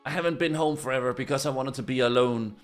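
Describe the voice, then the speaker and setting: A man's voice: medium pitch, fast, faint music behind, close to an everyday voice. A man voicing a big lovesick talking tomcat, reading game dialogue dreamily. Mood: wistful.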